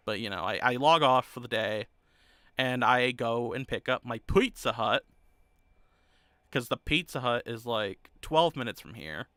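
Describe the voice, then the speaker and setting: Easygoing male streamer, rambling chat, clear bright tone, dry and close. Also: mid-range voice, measured pace, no room sound. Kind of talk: casual chat.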